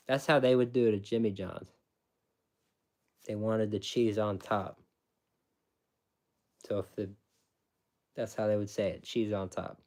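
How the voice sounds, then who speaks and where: A man's voice: on the low side, darkish tone, slight background noise. A man casually explaining how he makes sandwiches, with lots of repetition and restarts. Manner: repetitive, restarts often, emphatic; explains step by step. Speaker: former sandwich shop worker.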